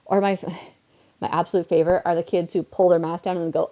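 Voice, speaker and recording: A woman's voice: fairly low pitch, steady tone, quick pace, warm tone. A woman streaming from home and chatting casually while she plays, ranting with exasperated asides and sounding a bit unwell. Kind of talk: casual live-stream chat while gaming.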